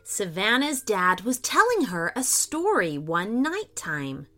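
A woman reads a children's bedtime story aloud in a warm, expressive way. Her voice is bright and lively, and she takes the words slowly. Soft music plays faintly underneath. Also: medium pitch. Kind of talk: scripted storytelling for kids.

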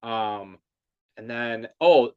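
A man's voice: medium pitch, very slow, smooth, lo-fi sound. A man hosting a podcast, asking questions in a chatty way with lots of fillers. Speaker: podcast host. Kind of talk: casual interview.

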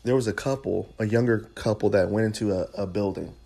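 A man's voice: on the low side, fairly quick, vocal fry, mellow. A man preaching a sermon in a conversational way, repeating phrases for emphasis.

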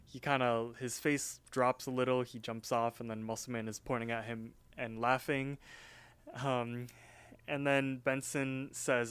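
A male podcast co-host talks through a cartoon episode in a relaxed, chatty style. His voice sits at an ordinary pitch. The recording is dry, with almost no room sound. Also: unhurried, smooth, no room sound. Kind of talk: casual episode recap.

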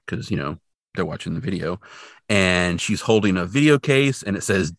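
A man's voice: deep voice, animated, unhurried, long pauses, no room sound, clean studio sound. A man co-hosting a podcast, recapping a TV episode in casual chat and leaping into exaggerated voices when he quotes characters. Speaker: podcast co-host.

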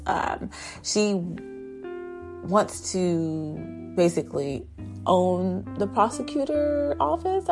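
A woman with a notably low voice talks through a drama episode like she's chatting with a friend. She is animated and loose, leaning on "like" and "basically". Guitar music plays clearly underneath her. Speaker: TV drama recapper. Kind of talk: casual episode recap.

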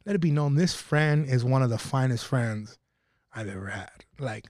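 A man's voice: mid-range voice, moderate pace, dry recording, studio quality. Profane man telling a wild story. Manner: profane, laughing, animated storytelling. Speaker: podcast guest. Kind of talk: casual storytelling.

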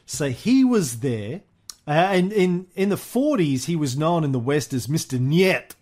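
A man's voice: a little high, expressive, a little slow, darkish tone. A man hosting a history podcast, telling the story in a chatty, casual way with frequent fillers and easy laughs. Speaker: podcast host.

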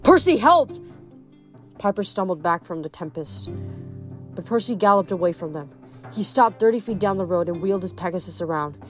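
Young woman, novel reading, lowish voice, chatty asides, soft music behind. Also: brisk. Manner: casual and chatty in comments, with fillers. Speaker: reader.

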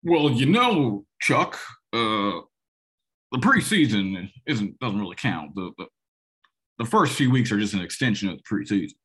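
A man doing a lame George W. Bush impression in a mock Texan drawl, with a husky voice. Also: lowish voice, sing-song, a little slow, fairly bright tone, heavily acted. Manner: folksy, drawled, mocking.

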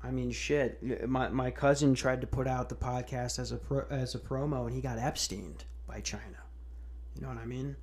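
Brief: guy hosting a podcast, mid-pitched, sarcastic and foul-mouthed, rambling. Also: fairly even intonation, normal speed. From United States. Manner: profane, sarcastic, rambling with restarts. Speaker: podcast host. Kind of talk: casual comedic rant.

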